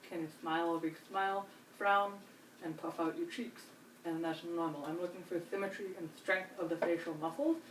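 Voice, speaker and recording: A woman examiner demonstrating a neurological check, giving calm step-by-step instructions and reassurance. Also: lowish voice, a little fast. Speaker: nurse examiner. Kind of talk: clinical demonstration. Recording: roomy, distant mic, faint hiss.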